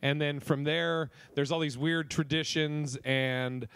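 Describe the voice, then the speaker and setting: Young man, podcast host, casual chat, rambling, swears a lot, higher voice, dry close sound. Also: fairly even intonation, slow pace, fairly bright tone, clean tone, no room sound. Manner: rambling storyteller, heavy swearing.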